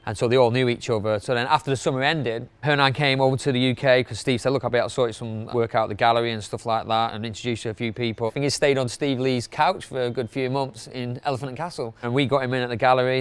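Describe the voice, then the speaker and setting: A man's voice: mid-range voice, fairly even intonation, fast, hardly any pauses, clean tone. A middle-aged man, chatting casually through a countdown, rambling with fillers. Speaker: club night promoter.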